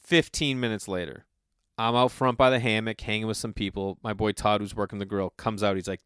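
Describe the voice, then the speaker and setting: Animated man telling a rowdy story. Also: on the low side, a little fast, smooth, no echo, studio quality. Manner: animated, profane, acts out other people's lines. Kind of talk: casual storytelling monologue.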